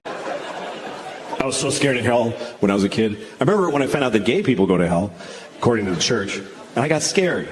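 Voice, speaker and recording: A man's voice: mid-range voice, animated, brisk, long pauses. A male stand-up comedian from Boston, talking in a dry, conversational, self-mocking way on a club stage. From Boston, USA. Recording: echoey club with crowd laughter.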